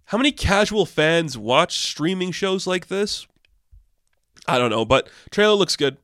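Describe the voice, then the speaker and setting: Animated sarcastic young man, smooth voice. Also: high voice, unhurried, dry recording, studio quality. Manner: animated, sarcastic, swings from deadpan to excited. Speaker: entertainment news host. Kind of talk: casual commentary.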